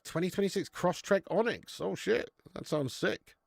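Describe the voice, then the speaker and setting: A man's voice: sits high, normal speed, vocal fry, no room sound, studio quality. A young man hosting a live football watch-along, cheering, swearing and chatting with his viewers. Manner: excitable, swearing, banter with chat. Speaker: fan channel host.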